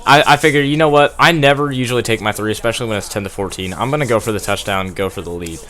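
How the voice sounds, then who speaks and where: A young man talks over his football game replay in a loose, rambling way. His voice is bright and a little low, and he laughs at his own mistakes and flares up when plays go wrong. It sounds like a gaming headset at home. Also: fast. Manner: rambling, self-deprecating, laughs often, gets worked up. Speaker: gaming commentator. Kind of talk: casual gameplay commentary. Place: at home playing on a TV.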